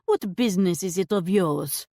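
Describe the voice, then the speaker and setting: A woman's voice: medium pitch, a little slow, no echo, clean studio sound, lightly acted. A woman voicing a mature, defensive female shopkeeper whose put-on French accent keeps slipping in an audiobook reading. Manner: indignant, evasive, accent slipping in and out.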